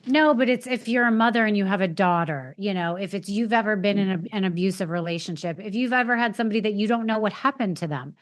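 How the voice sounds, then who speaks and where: A woman's voice: mid-range voice, fast, few pauses. A woman hosting a podcast interview, jumping in eagerly with questions and reactions. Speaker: podcast host.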